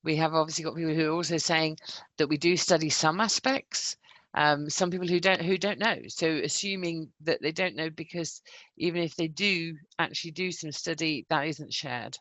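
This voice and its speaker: A woman co-hosting a webinar, giving steady updates on poll results with occasional hesitations. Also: low-pitched, normal speed, no room sound, low-quality recording. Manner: steady, informative, with hums of um. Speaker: webinar co-host running polls.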